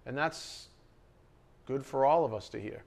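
A man's voice: medium pitch, unhurried, vocal fry, a little mellow. A man, a pastor preaching a sermon from the pulpit, who repeats key phrases and asks the congregation rhetorical questions. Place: church, behind the pulpit.

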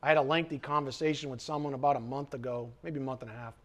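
A man preaching a sermon in an animated way, reading scripture and acting out everyday conversations. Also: medium pitch, very fast. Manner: animated, acts out quoted voices. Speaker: pastor.

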